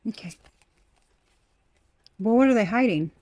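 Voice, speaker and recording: A woman's voice: a little high, animated, measured pace, darkish tone, no room sound. Blunt, profane woman tarot reader. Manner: blunt, profane, emphatic, repeats herself. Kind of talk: collective tarot reading, casual.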